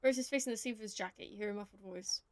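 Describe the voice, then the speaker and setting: A woman's voice: mid-range voice, rapid-fire, noisy background. A woman streaming a video game, reading its text aloud with casual, playful reactions.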